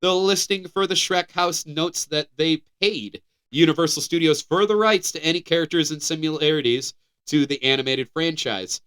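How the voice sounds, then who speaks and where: An American man co-hosting a podcast, reading news items aloud in a casual, animated way with laughs and stumbling restarts. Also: fairly high pitch, clear, resonant tone. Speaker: podcast co-host.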